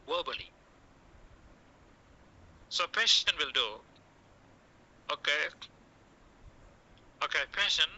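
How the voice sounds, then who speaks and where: Guy teaching a class, says okay constantly, kinda high and really bright sharp voice. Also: slow, long pauses, lo-fi sound. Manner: repeats "okay" often, coaching tone, acts out doctor lines. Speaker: medical communication teacher. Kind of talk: classroom lecture.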